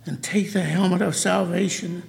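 Guy preaching slow and emotional, really high voice, gravelly, hall echo. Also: fairly even intonation. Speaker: church speaker. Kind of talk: emotional sermon talk. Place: church hall. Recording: hall reverb.

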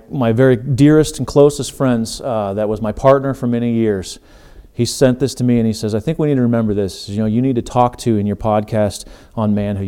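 A man's voice: mid-range voice, mellow, clean tone. A middle-aged man hosting a faith podcast, delivering an earnest, emphatic sermon-style talk. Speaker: podcast host.

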